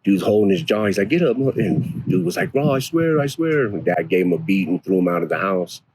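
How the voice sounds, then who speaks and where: A man in his forties from North Denver, telling rough stories from his past in casual, profane street slang. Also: low-pitched, a little fast, background noise. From North Denver, USA. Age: 40s. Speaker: interviewee. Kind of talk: casual storytelling.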